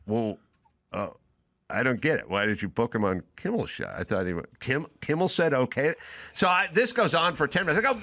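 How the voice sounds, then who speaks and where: A man who hosts a talk show and works as a comedian, telling a story in a casual, animated way and acting out both sides of a phone call. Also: medium pitch, moderate pace. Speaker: podcast host.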